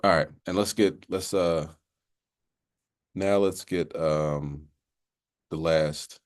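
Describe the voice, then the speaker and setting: A man's voice: extremely low pitch, fairly even intonation, takes it slowly. A man teaching a casual Bible class in a loose, chatty way, often asking "you know what I mean" and slipping into joking voices to act out sayings.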